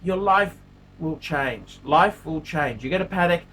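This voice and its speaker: A man's voice: on the high side, lively intonation, measured pace, fairly bright tone, a little hiss or hum. A man hosting his own watch-review vlog, talking casually and emphatically, repeating himself and mixing crude jokes with pleading asides. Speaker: watch reviewer, channel host. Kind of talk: casual unscripted vlog monologue.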